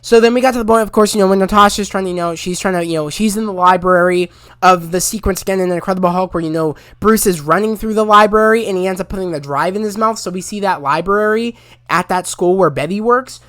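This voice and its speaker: Man, casual spoiler recap, rambling, filler-heavy, excitable bursts, dry close-mic sound. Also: high-pitched, fast talker, clear, resonant tone, no echo. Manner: rambling, heavy on fillers, gets loud and excited retelling scenes. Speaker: show recap reviewer.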